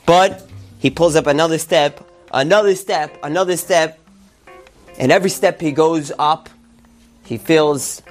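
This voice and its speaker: A man telling a religious story and drawing its lesson, with animated emphasis on key words. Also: on the high side, a little slow, faint music behind.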